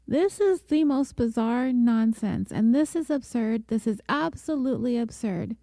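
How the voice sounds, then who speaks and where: A woman's voice: fairly high pitch, animated, unhurried, dark tone, dry recording. A woman voicing a belligerent older man under arrest who protests with scorn and indignation. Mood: indignant.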